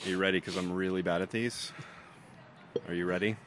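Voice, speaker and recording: A man's voice: sits low, steady tone, a little fast, a bit bright, slight background noise. A man from the Northeast US chatting casually as a podcast guest, laid-back and a bit hesitant. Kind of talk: casual chat.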